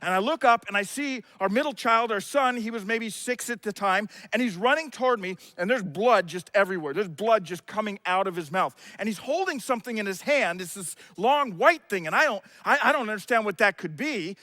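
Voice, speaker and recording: A middle-aged man, a pastor, preaching a sermon with passion and sometimes shouting. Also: high voice, lively intonation, fairly quick, hardly any pauses, dry recording. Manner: impassioned, shouts out acted quotes.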